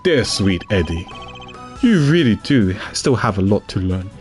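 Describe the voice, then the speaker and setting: A man voicing a composed male prosecutor in a game, speaking in a low, measured, lecturing tone. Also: sing-song, a little mellow, faint music behind. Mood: calm lecturing. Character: composed older male prosecutor, calm mentor. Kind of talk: reading game dialogue aloud.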